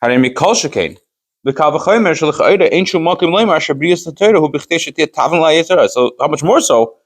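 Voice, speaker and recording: Quick and animated, a rabbi with a slightly high voice teaches a Chassidus class. He reads a rabbinic text in Hebrew and explains it in English, peppering his Torah study lesson with emphatic rhetorical questions.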